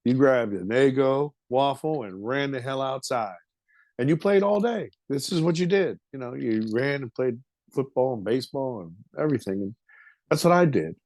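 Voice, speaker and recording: A man in his fifties recounts a personal experience as a podcast guest, telling it vividly and emotionally with loose, casual swearing. His voice sits at an ordinary pitch, and the recording is dry and close, with no room echo. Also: lively intonation, moderate pace, darkish tone. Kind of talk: casual storytelling.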